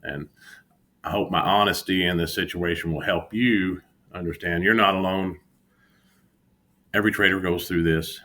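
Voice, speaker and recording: A man's voice: low-pitched, fairly even intonation, moderate pace, pauses often, pushed and bright. A man talking candidly about his trading setbacks in an earnest, self-critical vlog monologue from home. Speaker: futures day trader vlogger. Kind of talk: candid reflective monologue to camera. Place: home room with an exercise bike.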